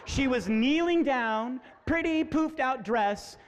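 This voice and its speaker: Animated man storyteller in an echoey hall. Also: extremely high pitch, takes it slowly. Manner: animated, acts out voices, comic. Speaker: school assembly speaker. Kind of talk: storytelling talk to students. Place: school hall.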